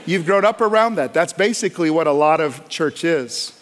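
Impassioned preacher in a reverberant hall. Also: male voice, on the high side, expressive, moderate pace. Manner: impassioned preaching with storytelling, swings from loud to hushed. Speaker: pastor. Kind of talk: sermon.

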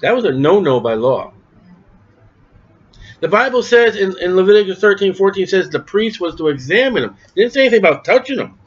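A man with a high voice preaches a sermon in a conversational, questioning way. He asks questions and answers them himself, and he raises his voice to act out the people in the story. The recording is dull and lo-fi. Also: very animated, brisk, slightly rough. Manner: acts out quoted voices with raised pitch.

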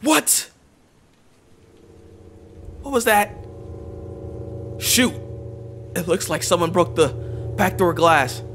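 Brief: excitable young male gamer, bright and higher-pitched, jumpy horror-game commentary. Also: slow, pauses often, slight background noise. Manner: jumpy, excitable, slangy, repeats himself.

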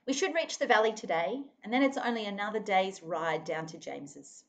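A woman's voice: medium pitch, brisk, slight background noise, natural voice. A woman reading as a reassuring pioneer father. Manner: falsely cheerful, reassuring. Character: brave, hoarse pioneer father.

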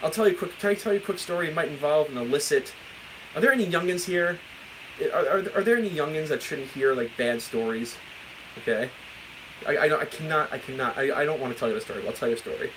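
A man hosts a casual live-stream Q&A as a guitar teacher. His voice sits a little high, and he keeps stopping himself mid-sentence with giggles. A faint hiss runs under the recording. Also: fast. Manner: rambling, self-interrupting, laughs often while telling stories.

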